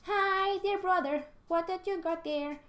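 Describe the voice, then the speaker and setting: A woman voicing a bubbly, bossy little cartoon girl teasing her brother, high and sing-song. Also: a little slow, fairly bright tone, roomy sound.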